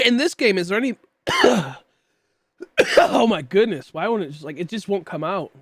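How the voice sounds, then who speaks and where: A man's voice: sits high, animated, quick pace. Coughing young man chatting on stream. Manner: rambling, answers chat, many fillers. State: coughing often, throat tickle. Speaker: livestreamer. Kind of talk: casual stream chat.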